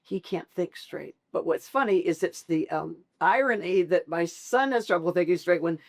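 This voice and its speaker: Middle-aged woman guest, lower voice, emotional storytelling that acts out what others said. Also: moderate pace. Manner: expressive, laughs often, acts out quoted dialogue. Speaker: podcast guest.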